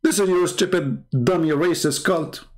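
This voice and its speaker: A man's voice: a little high, moderate pace. A man hosting a livestream, talking in a mocking, emphatic, sarcastic way. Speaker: host. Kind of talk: livestream commentary.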